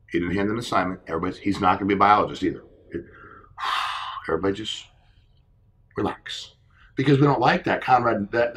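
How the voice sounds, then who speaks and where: Middle-aged guy on a panel, low voice but punchy, talks fast, acts out little conversations. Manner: earnest, animated storytelling, acts out conversations. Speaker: insurance agency leader. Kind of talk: live panel Q&A answer.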